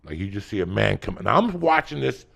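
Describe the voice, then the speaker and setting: A middle-aged man from New Jersey with a gravelly voice, telling a profane, animated story in casual chat and acting out the voices. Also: fairly low pitch, a little fast. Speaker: podcast host.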